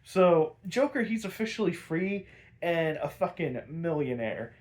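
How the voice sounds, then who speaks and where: A man's voice: a little high, very animated, measured pace, darkish tone. A man casually recapping a cartoon episode, rambling with lots of filler words and frequent laughs. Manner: rambling, lots of likes and ums, laughs often.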